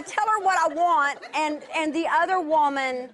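Over a very noisy crowd, a female Bible teacher whose voice sits high recounts a personal story to broadcast viewers at a moderate pace. She's chatty, often restarting sentences and laughing at herself, and lowers to a hush when things turn tender.

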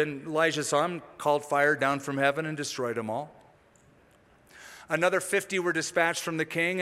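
A man preaching a sermon, telling the story lively and acting out the figures' lines. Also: fairly high pitch, in a large hall. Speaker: pastor.

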